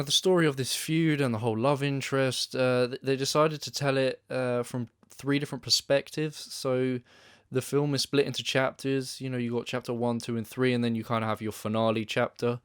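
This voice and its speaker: A man's voice: lowish voice, dry recording, studio quality. A young man giving a casual film review, rambling and hesitant with lots of restarts and fillers.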